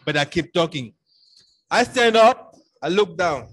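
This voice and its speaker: High-voiced Cameroonian man telling a dramatic story. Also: very animated, moderate pace, long pauses, a bit bright. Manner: dramatic storyteller, acts out his own past dialogue. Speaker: podcast guest. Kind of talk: storytelling in casual conversation.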